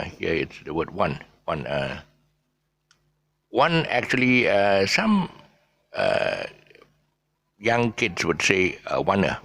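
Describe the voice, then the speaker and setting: Man, low husky voice, relaxed halting teacher who spells words out. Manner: halting, frequent fillers, spells words out letter by letter. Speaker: teacher of English pronunciation. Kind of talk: casual spoken lesson.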